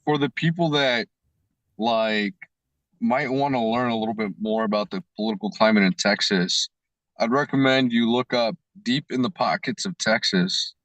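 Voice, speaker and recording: A man's voice: medium pitch, moderate pace, a bit bright, dry recording, low-quality recording. A man co-hosting a podcast, explaining his views earnestly in casual chat, using many fillers. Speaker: podcast co-host.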